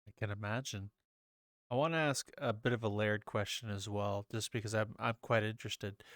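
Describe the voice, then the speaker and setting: Curious podcast host asking questions. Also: male voice, fairly low pitch, steady tone, normal speed, a bit bright, dry recording, studio quality. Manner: curious, asks long layered questions, laughs easily. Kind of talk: casual podcast interview.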